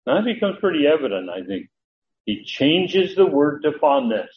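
A man's voice: a little high, very animated, normal speed, highs cut off, a little hiss or hum. A man teaching a Bible study, explaining Greek words and acting out the quoted dialogue, with some restarts and fillers as he checks his notes.

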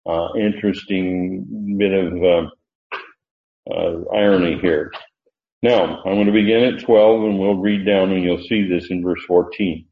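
A man teaching a Bible lesson, reading verses slowly and stressing key words, with frequent "uh" pauses. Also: low-pitched, steady tone. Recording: roomy lo-fi recording.

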